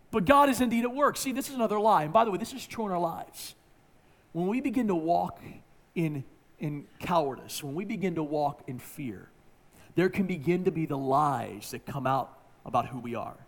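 A man delivers a sermon in a notably high voice. He preaches emphatically, dropping to hushed tones and then rising to near-shouting. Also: expressive, moderate pace. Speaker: pastor.

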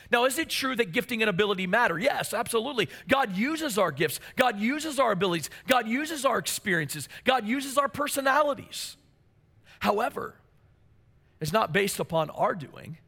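A man's voice: very high-pitched, lively intonation, moderate pace, vocal fry, pushed and bright. A man preaching a sermon as pastor, earnest and emphatic, repeating key phrases for weight.

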